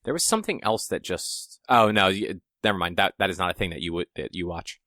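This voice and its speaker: A man's voice: deep voice, expressive, a little fast, bright, forceful tone, no echo, studio quality. A young man co-hosting a podcast in casual chat, rambling and searching for words with many ums. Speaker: podcast co-host.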